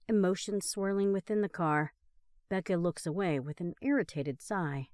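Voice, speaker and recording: A woman narrating a story in a slow, expressive reading. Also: medium pitch, no echo, studio quality.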